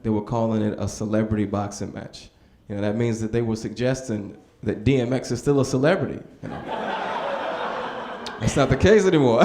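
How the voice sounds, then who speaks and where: A young man performs stand-up on a club stage, talking in a relaxed, storytelling way. He chuckles at his own lines and slips into other people's voices. His voice sits at an ordinary, mid-range pitch. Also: reverberant. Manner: laid-back storytelling, acts out voices, laughs at own jokes. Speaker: stand-up comedian. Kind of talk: stand-up comedy set. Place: comedy club stage with audience.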